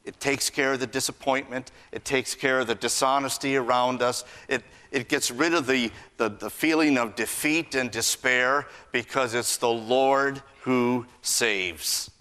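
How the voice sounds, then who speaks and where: A man preaching a sermon, earnest, swinging between raised emphasis and hushed lines. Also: medium pitch, steady tone, a little slow, few pauses, clear, resonant tone. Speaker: pastor.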